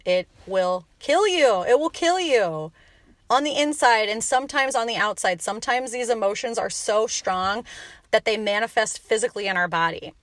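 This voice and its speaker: A woman's voice: mid-range voice, a bit bright, no room sound. A woman hosting a motivational podcast, talking in a passionate, blunt rant with some swearing. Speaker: podcast host and coach.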